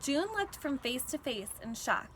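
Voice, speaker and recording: A woman teacher reading a chapter book aloud to children, expressive and pausing to explain the pictures. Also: high voice. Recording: recording with steady background noise.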